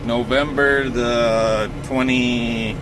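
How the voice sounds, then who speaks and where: A farmer who hosts his own channel rambles casually outdoors on his farm, among the farm machinery, in a mid-range voice with fairly even intonation. His vlog chat is laid-back and full of drawn-out filler words. The recording is noisy, with engine and outdoor sounds behind him.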